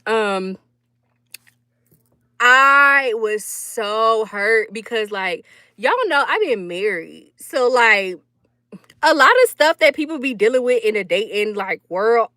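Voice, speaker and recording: A woman's voice: a little high, animated, a little slow, pushed and bright, no room sound, clean studio sound. A young woman vlogger, chatting casually to her viewers and laughing often. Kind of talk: casual storytelling chat.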